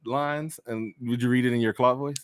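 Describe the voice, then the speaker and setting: A man's voice: medium pitch, fairly even intonation, moderate pace, smooth, no echo, clean studio sound. A man co-hosting a podcast in casual chat, bantering offhandedly with jokes and swearing. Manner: joking, profane, offhand banter. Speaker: podcast co-host.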